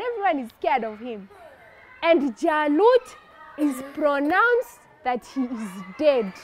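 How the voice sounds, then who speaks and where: A woman telling a story to children in an animated, expressive, playful way. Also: extremely high pitch, a little slow.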